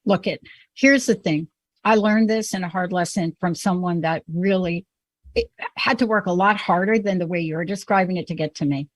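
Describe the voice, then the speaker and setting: A woman's voice: on the low side, moderate pace, no room sound. A woman host from the Bronx with a New York accent, talking emphatically and telling personal stories in a conversational show. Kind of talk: conversational podcast talk.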